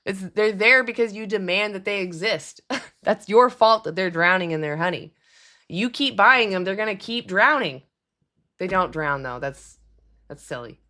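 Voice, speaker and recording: A young woman talking casually on her livestream, chatty and quick to laugh as she answers commenters. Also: mid-range voice, animated, bright, forceful tone. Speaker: livestream host. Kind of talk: casual live-stream chat.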